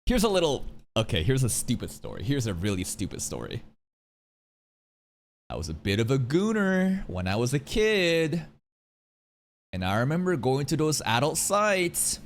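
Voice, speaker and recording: A man hosting an anime reaction, talking casually in an animated, slangy and profane way, often saying "bro". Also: medium pitch, normal speed, long pauses, a little hiss or hum.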